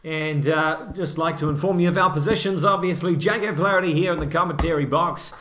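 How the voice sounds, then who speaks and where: A man doing lead commentary for a match, brisk play-by-play with joking banter. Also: fairly high pitch, a bit bright, roomy sound, a little hiss or hum. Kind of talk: comedic amateur sports commentary.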